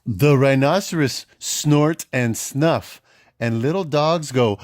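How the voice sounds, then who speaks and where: A man's voice: medium pitch, takes it slowly, no room sound. A man reading a picture book aloud to his baby son in playful, sing-song baby talk, making animal noises at home.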